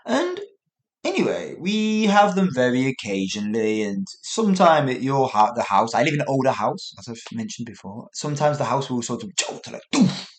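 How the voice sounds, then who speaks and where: A middle-aged English teacher who hosts a podcast for learners tells a story casually at medium pitch and normal speed. He's animated, imitating sounds with little noises and correcting himself mid-sentence.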